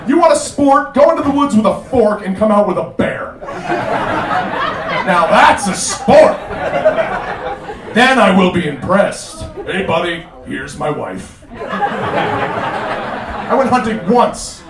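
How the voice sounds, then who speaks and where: A man performing a stand-up comedy set with a punchy, animated delivery on a live club stage. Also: high voice, measured pace, long pauses, very noisy. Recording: roomy club sound, mic at a distance. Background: audience laughter.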